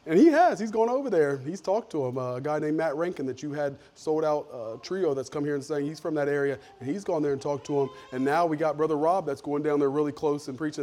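Middle-aged pastor, male, slightly raised voice, folksy sermon storyteller who swings between quiet and loud. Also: a little high.

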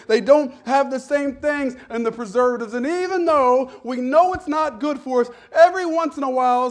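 A male pastor giving a sermon with humorous, self-deprecating stories. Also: very high voice.

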